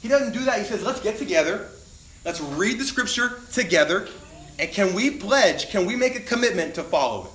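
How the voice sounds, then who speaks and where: A young adult man preaching a sermon as a pastor, animated and acting out the voices of people he quotes. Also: sits high, normal speed, a little hiss or hum. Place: church sanctuary. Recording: roomy church recording.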